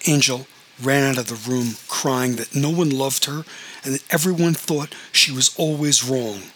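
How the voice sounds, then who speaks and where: A man narrating a story aloud in a steady, measured reading voice. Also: mid-range voice, a little hiss or hum, low-quality recording.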